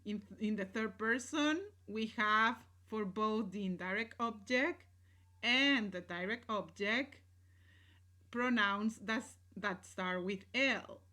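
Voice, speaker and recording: Slow, bright-voiced woman teaching grammar. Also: medium pitch. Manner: explanatory, checks in with "right?" and "¿sí?"; switches between English and Spanish examples. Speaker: Spanish teacher. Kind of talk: recorded grammar lesson.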